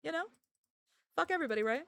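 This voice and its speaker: A young woman chats on her livestream, ranting and joking in a sarcastic tone. Her voice sits a little high and moves all over the place as she talks. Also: animated, fast, gravelly, fairly bright tone, no echo, studio quality. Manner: ranting, sarcastic, laughs often. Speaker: streamer. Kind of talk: casual livestream chat.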